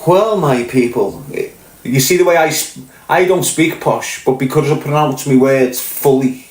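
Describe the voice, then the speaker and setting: A man with a Scouse accent holds forth in a casual podcast monologue, blunt and full of swearing, checking again and again that his listeners follow him. His voice sits at an ordinary pitch, and the room around him rings with a noticeable echo. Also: measured pace, darkish tone. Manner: blunt, swearing, keeps asking "do you get what I'm saying". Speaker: podcast host.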